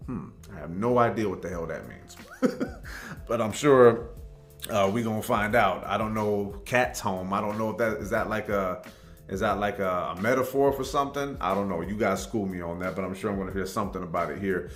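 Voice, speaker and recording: A man's voice: lowish voice, brisk, reverberant, soft background music. Laid-back man hosting a reaction video. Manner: rambling, friendly, lots of fillers. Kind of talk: casual chat.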